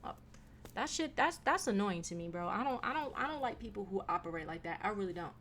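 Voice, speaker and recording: Young woman, podcast host, profane venting, bright sharp voice. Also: mid-range voice, fast talker, slight background noise. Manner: animated, profane, venting, with sudden loud bursts. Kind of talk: casual solo podcast rant.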